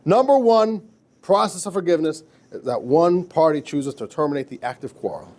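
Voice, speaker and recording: A man, a rabbi, lecturing a class in a lively, chatty way, often repeating himself and laughing at his own stories. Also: a little high, normal speed. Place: classroom with students.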